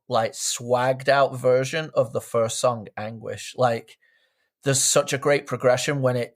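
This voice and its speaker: A man chats as a podcast co-host in a relaxed, agreeable way. He often restarts his words with small stammers. His voice sits at an ordinary middle pitch. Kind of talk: casual chat.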